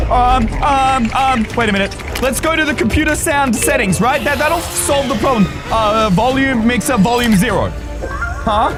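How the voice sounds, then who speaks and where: High-voiced excitable gaming man. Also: normal speed. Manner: excitable, panicky, talks to viewers. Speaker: gaming YouTuber. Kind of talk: gaming commentary. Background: background music.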